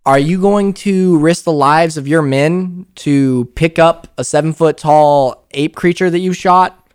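Animated man telling a spooky story. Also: fairly high pitch, measured pace, clean tone. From United States. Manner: animated storyteller, laughs often, acts out quotes. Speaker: podcast host. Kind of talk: casual paranormal podcast storytelling.

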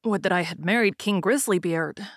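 A woman's voice: lowish voice, moderate pace, husky, no room sound, clean studio sound. A woman reading a storybook aloud, voicing a proud young princess who is haughty and then plaintive.

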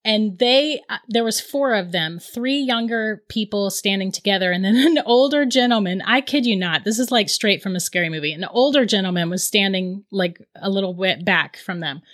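A woman in her thirties telling a ghost story in casual chat, animated and laughing often. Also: medium pitch, normal speed, few pauses.

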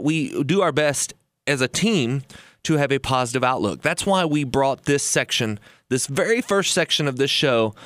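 A man's voice: a little high, a bit bright, no echo. Earnest man hosting a podcast. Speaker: host and financial planner. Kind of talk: podcast talk and storytelling.

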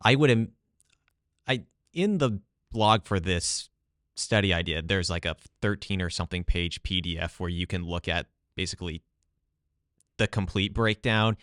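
A man's voice: low-pitched, normal speed, fairly bright tone, no room sound, studio quality. A man talking casually as a guest about his study, with many "like" and "you know" fillers. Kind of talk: casual political talk.

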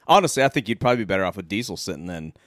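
A man's voice: sits low, big pitch swings, very fast, a bit bright, no room sound, studio quality. A man co-hosting a movie podcast, joking loosely and laughing often at his own riffs. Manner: jokey, laughs often, riffs with crude puns. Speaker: podcast co-host. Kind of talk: casual movie chat.

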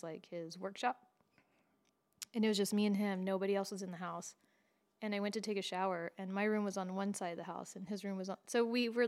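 Laughing, animated woman telling stories. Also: medium pitch. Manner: laughs often, animated storytelling. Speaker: podcast co-host. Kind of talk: casual chat.

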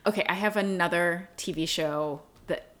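A woman's voice: fairly low pitch, moderate pace. A woman co-hosting a podcast, chatting casually and telling stories with animation. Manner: animated, laughing storyteller. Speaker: podcast co-host. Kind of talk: casual chat.

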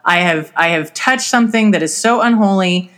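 A woman co-hosting a podcast, telling a story from her own life. She speaks earnestly and with animation in a relaxed, casual conversation. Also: medium pitch, moderate pace. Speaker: podcast co-host.

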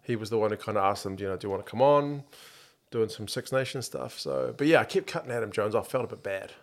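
A man's voice: fairly low pitch, fast talker. A man with a New Zealand accent co-hosting a rugby podcast in casual chat, rambling with lots of fillers. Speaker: podcast co-host.

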